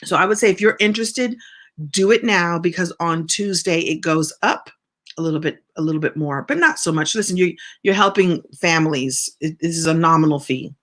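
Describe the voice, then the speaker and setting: Fairly low in pitch and brisk, this middle-aged woman coaches on business and writing during a laid-back live stream. She replies to viewer comments with a friendly, supportive tone.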